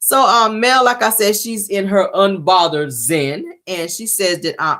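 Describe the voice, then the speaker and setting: A woman's voice: lowish voice, expressive, normal speed, hardly any pauses, a bit bright. A woman recapping a reality show episode in a chatty, casual way, slipping into playful impressions. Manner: chatty, drops into playful impressions of cast members.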